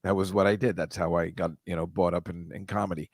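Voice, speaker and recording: A man's voice: low voice, little pitch movement, quick pace, no echo, clean studio sound. Rambling older New man. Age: over 65. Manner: rambling, self-deprecating, laughs at own stories. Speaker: podcast co-host. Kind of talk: casual chat.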